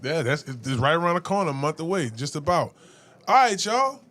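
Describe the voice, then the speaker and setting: A man hosting a casual radio talk show, hyping up his guest with a lively, laughing manner. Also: fairly high pitch, fast. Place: radio studio.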